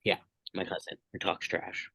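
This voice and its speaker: A man's voice: low-pitched, monotone, normal speed, gravelly, bright, forceful tone, husky, no echo. A man co-hosting a sports betting podcast, laid-back, chiming in with short agreeing replies and dry jokes. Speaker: podcast co-host. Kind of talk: casual sports betting chat.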